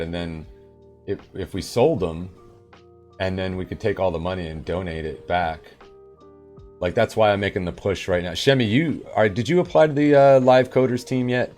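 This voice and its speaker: Deep-voiced man streaming with his morning voice. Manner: rambling and upbeat, with sudden loud bursts. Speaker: live coding streamer. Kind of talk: casual chat with viewers.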